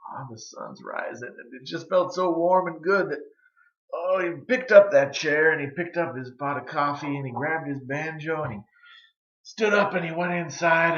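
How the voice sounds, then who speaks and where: A man telling a folk tale, drawling and dramatic, with hushed pauses. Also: a little high. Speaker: storyteller. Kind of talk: folksy storytelling. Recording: roomy, slightly dull recording.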